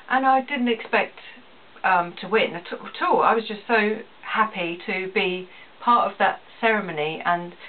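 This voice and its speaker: A woman who runs a small business, talking earnestly to camera in a personal vlog and repeating phrases for emphasis. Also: lowish voice. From England. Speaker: small business owner vlogging. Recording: tinny phone-like audio, distant, faint hiss.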